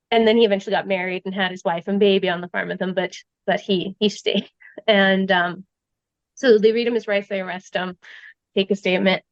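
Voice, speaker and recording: A woman's voice: mid-range voice, dry recording, lo-fi sound. A Canadian woman casually retelling a true-crime story, acting out the quotes with lots of fillers. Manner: chatty, acts out quotes, many fillers. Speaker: storyteller guest.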